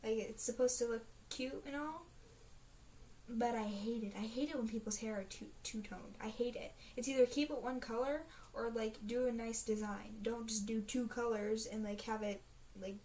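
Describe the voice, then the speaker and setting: A woman's voice: fairly high pitch, fairly even intonation, moderate pace, darkish tone. A teenage girl chatting in a casual video diary, rambling and dramatic, full of fillers. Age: teens. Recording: faint hiss, mic a bit distant.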